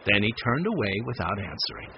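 A man narrating a children's storybook chapter in an expressive, scripted reading. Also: fairly low pitch, brisk, noisy background. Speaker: audiobook narrator. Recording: slightly muffled audiobook recording.

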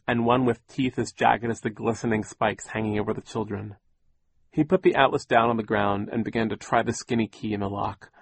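Guy reading an audiobook, deep-ish voice, wry and measured, dead dry room. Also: no echo. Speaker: audiobook narrator. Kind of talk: scripted narration.

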